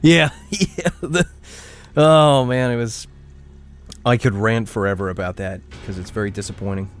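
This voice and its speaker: Over faint music, a man streams a game with live commentary, rambling, ranting, and cutting himself off, laughing often and exaggerating complaints. His voice is low-ish and steady, a little slow.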